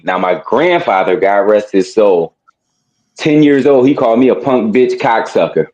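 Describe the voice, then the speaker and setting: A man's voice: on the low side, moderate pace, darkish tone, highs cut off. A man chatting as a guest on a radio talk show, telling laid-back family stories. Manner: laid-back storytelling, mimics relatives. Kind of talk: casual radio chat.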